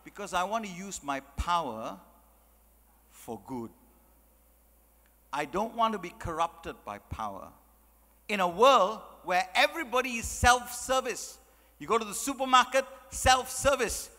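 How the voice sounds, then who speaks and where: Guy giving a jokey motivational talk, high voice, lots of hall reverb. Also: unhurried, pauses often. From Malaysia. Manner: animated, joking, chatty with many "you know"s. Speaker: motivational speaker. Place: large hall.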